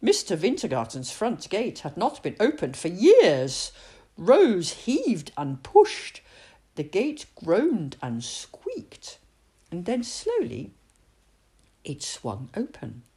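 A woman reading a picture book aloud, expressive, with dramatic pauses. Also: on the low side, slightly rough. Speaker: storyteller.

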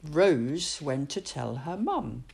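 A woman reading a picture book aloud, expressive, with dramatic pauses. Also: low-pitched, creaky, breathy edge. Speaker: storyteller.

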